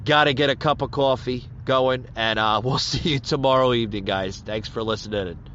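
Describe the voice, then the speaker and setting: A man's voice: mid-range voice, fairly quick, a bit bright, slight background noise. A male podcast host, a little out of breath, rambling through a casual sign-off full of plugs and fillers. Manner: loose, rambling, repeats itself with fillers. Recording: slightly muffled lo-fi recording.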